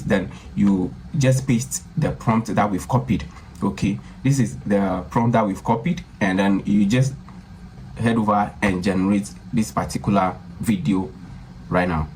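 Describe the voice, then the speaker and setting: A man hosting a software tutorial, talking casually and repetitively and often calling viewers guys. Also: lowish voice, a little hiss or hum. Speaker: tutorial host. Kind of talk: screen-recorded software tutorial.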